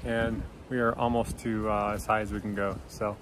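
A man's voice: on the low side, flat delivery, moderate pace, poor audio. A man filming a family hiking vlog outdoors, chatty and winded from the climb, talking to the camera as he walks. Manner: chatty, breathless, talks to camera between steps. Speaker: vlogger, father of the family. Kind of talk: casual hiking vlog narration. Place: outdoors on a volcano trail. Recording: outdoor camera audio with loud background noise.

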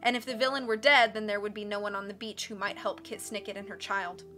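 A woman reading a storybook aloud on a livestream, expressive and voicing each character, with soft music behind her. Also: mid-range voice, quick pace. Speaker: audiobook reader. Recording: faint background music. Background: soft instrumental music.

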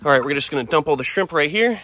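A young man narrates a casual vlog outdoors while feeding animals, his voice sitting a little high and swinging wildly in pitch. He is excitable, laughs easily and bursts out loudly at the animals. A faint hiss of outdoor noise sits behind him. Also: fast talker. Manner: excitable, laughing, talking to animals with sudden loud outbursts. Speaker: wildlife park owner and vlogger.

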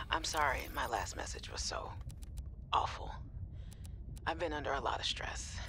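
A woman voicing a young scientist in a video game who records worried messages to her sister, halting and often sinking to a near whisper. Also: a bass voice. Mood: apologetic. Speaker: game character.

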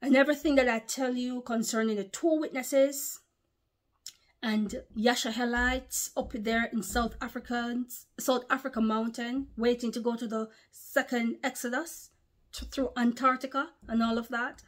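Emphatic preaching woman, higher voice. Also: steady tone. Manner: emphatic and repetitive, with pauses to recollect. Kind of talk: spoken sermon to a video audience.

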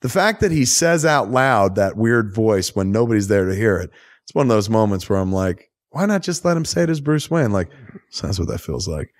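A man hosting a podcast, recapping a film in a loose, profane, animated storytelling way. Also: fairly low pitch, fairly quick. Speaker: podcast host. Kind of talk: casual movie recap chat.

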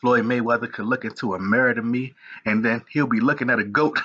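Excited husky-voiced man vlogging. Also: mid-range voice, fairly quick, lo-fi sound. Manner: excited, animated, slangy. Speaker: sports commentary vlogger. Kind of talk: excited casual commentary.

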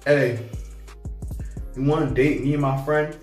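A young man telling a casual storytime, slangy and animated, acting out both sides of the conversation. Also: a little high, takes it slowly. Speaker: vlogger. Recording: echoey room heard from a distance, faint music.

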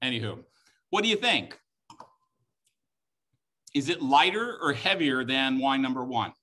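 A middle-aged man leads a live-streamed wine tasting in a loose, joking, enthusiastic way. His voice sits in an ordinary middle register and has a bright, forward tone. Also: mid-range voice, expressive, measured pace. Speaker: wine tasting host and instructor.

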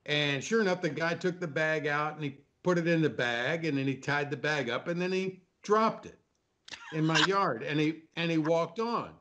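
An older man in relaxed conversation, telling a funny story and acting out voices along the way. His voice sits a little higher than usual for a man. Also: normal speed. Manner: animated anecdote teller, acts out quoted voices. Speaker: panel guest. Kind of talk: casual storytelling chat.

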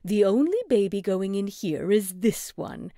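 A woman voicing an eccentric, bossy older witch aunt who speaks slowly and theatrically in an audiobook. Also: medium pitch, animated, mellow, no echo, clean studio sound. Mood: imperious.

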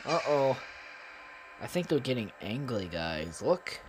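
A man giving profane, excitable let's play commentary and talking straight to his viewers. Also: medium pitch, slow pace, a little hiss or hum. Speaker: gaming channel host.

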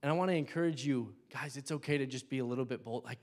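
A young man preaching a sermon in a church, impassioned, swinging between loud bursts and hushed asides. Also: medium pitch, fast talker, few pauses. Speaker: lay preacher.

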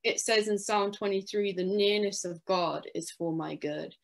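A woman with a British accent speaks as a guest in an interview, telling her faith story in an earnest, steady voice. Her pitch sits in a middle range, and she often slips into quoting her own past words. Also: measured pace, creaky. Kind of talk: personal faith testimony in an interview.

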